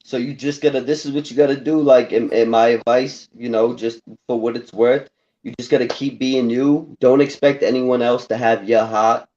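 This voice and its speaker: A man's voice: mid-range voice, steady tone, moderate pace, dark tone, dull audio. A man interviewing in a casual chat, laid-back and encouraging as he gives advice.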